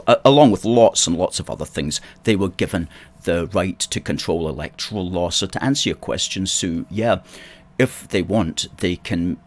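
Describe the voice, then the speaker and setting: A man's voice: sits low, normal speed. A man with an Ayrshire Scottish accent, hosting a livestream, chatting casually and reading out viewer comments with wry asides. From Scotland, Ayrshire. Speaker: host of a political livestream.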